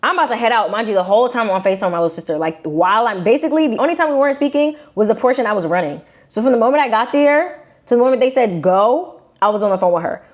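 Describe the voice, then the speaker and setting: A young woman from Brooklyn with a New York accent, telling a personal story to her viewers in a casual, animated, slangy way. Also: on the high side, rapid-fire. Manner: animated, slangy, acts out quotes in shifting voices. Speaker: vlogger.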